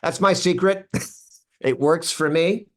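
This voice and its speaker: A man's voice: on the high side, slow. A man in his sixties, an actor, chatting in an interview, telling stories with asides and restarts. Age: 60s. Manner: animated storyteller with asides and restarts. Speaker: actor guest. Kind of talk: casual interview chat.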